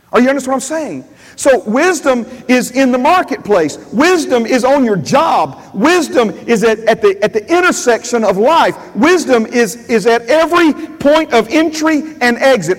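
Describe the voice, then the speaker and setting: A man's voice: extremely high pitch, in a large hall, low-quality recording. A male pastor preaching a sermon, repeating phrases and asking the congregation questions. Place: church.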